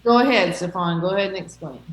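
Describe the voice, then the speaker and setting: A woman's voice: on the low side, fast, reverberant, poor audio. A woman teacher talking to her class, reassuring and checking in with "okay?" and "right?" as she goes. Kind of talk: classroom talk.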